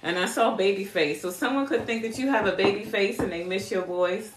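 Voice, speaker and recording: A woman does a casual live card reading as a spiritual reader, talking bluntly with profanity, laughing often and chatting with viewers. Her medium-pitched voice runs a little fast in an echoey room, with a little hiss or hum.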